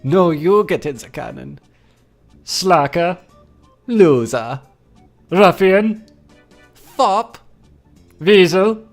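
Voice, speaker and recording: A man's voice: high voice, animated, drawn-out words, creaky, pauses often, faint music behind, pitched above the performer's own voice, heavily acted. A man hamming up bickering circus brothers, fake Italian accent. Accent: put-on Italian. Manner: showman patter, hammy and quarrelsome. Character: two bickering male circus acrobat brothers, showy. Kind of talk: reading game dialogue aloud in character.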